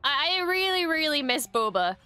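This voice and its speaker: High, bright-voiced woman gushing in reaction. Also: big pitch swings, normal speed, no room sound. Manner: gasping, laughing, swearing, gushing. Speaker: reaction video host. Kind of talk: excited live reaction commentary. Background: faint show soundtrack.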